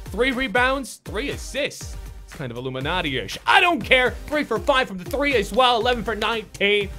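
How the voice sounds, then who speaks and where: A high-voiced young man commentating his own basketball video game match. His bright voice jumps wildly between low, tense self-talk and shrill, cursing yells. Soft background music plays under him. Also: very animated, moderate pace. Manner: swings from muttered self-coaching to shouted profane outbursts. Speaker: gaming YouTuber. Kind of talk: live gameplay commentary.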